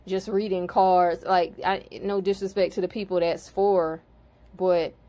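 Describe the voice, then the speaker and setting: A woman's voice: lowish voice, little pitch movement, unhurried, mellow. Blunt, profane woman spiritual reader. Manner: blunt and profane, grows heated and preachy. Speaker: spiritual card reader and healer. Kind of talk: casual monologue to viewers.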